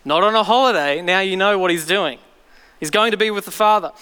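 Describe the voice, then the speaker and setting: A pastor preaches a sermon to a congregation in a high, bright voice that rings smooth and clear, speaking a little fast. He tells stories with animated energy and acts out different voices. A long hall reverb surrounds him, with faint music in the background.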